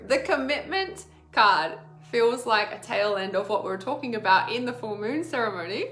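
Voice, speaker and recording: A woman's voice: a little high, expressive, normal speed, few pauses, fairly bright tone, reverberant. A woman, an intuitive healer, giving a casual oracle card reading in a rambling, chatty way, laughing often and filling her talk with "like".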